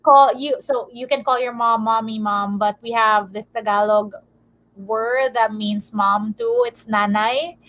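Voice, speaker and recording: Filipino-born woman, high voice, chatty storyteller. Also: measured pace, low-quality recording. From Philippines. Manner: animated, laughs through her stories. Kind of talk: casual chat, storytelling.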